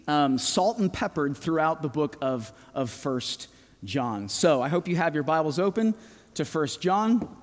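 A man preaching a sermon slowly and emphatically, often asking the congregation questions. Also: a little high. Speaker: pastor. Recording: long hall reverb.

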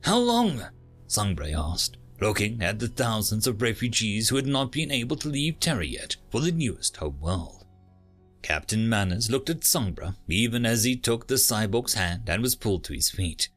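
A man's voice: fairly low pitch, animated, normal speed, fairly bright tone, soft background music. A man narrating a science fiction audiobook in a dramatic storytelling manner. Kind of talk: scripted narration.

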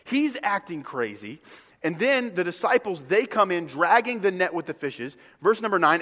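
A man preaching a sermon as a pastor, retelling a scripture story with humor and lively asides in a church. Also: sits high, normal speed. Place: church sanctuary. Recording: long reverb of a large hall.

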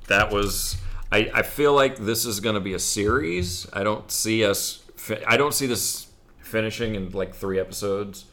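A man's voice: on the low side, normal speed, pushed and bright. A man co-hosting a podcast, chatting casually and telling jokes, often laughing at his own punchlines and swearing. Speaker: podcast co-host. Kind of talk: casual joke-telling chat.

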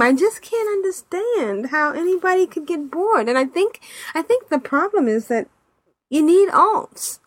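A woman hosting a podcast in casual chat, animated and chatty, laughing often, talking over a remote call mic. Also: extremely high pitch, a little slow, no room sound. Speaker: podcast host.

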